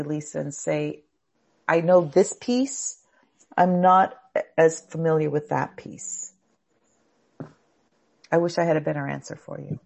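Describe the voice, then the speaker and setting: A woman's voice: sits low, creaky, a little mellow. A middle-aged woman teaching a live class on anxiety, earnest and prone to repeating words as she thinks.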